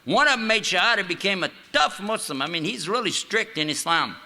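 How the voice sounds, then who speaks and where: An older man from the United States lectures in a mosque with a folksy, joking storyteller's manner. His voice is pitched a little high and sounds very bright and sharp, with a long hall echo behind it. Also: animated, fairly quick. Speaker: Islamic lecturer. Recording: echoey hall.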